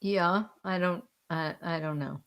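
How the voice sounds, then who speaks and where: Middle-aged woman co-host, earnest and disapproving, slow and measured. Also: fairly low pitch. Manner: earnest, disapproving, plain-spoken. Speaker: co-host, host's mother. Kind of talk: casual chat.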